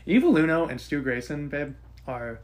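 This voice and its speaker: A man's voice: fairly high pitch, lively intonation, normal speed. A man co-hosting a podcast, recapping and rating a wrestling show in casual, joking chat. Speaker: podcast co-host.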